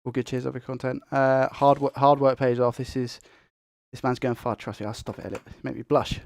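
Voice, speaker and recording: A young man who talks fast and excitably while hosting a tech live stream and reading viewer comments. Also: mid-range voice, creaky. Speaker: tech livestream host.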